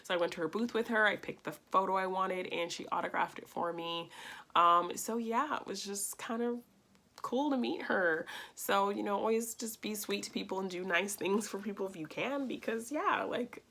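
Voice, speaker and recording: A woman's voice: medium pitch, moderate pace, gravelly, pushed and bright. A woman giving a casual movie review, talking with gushing enthusiasm and telling stories.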